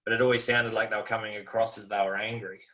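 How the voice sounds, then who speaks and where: A man's voice: lowish voice, level tone, fast talker, sharp tone. An Australian man chatting casually over a video call, easygoing and rambling, laughing often. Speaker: guest.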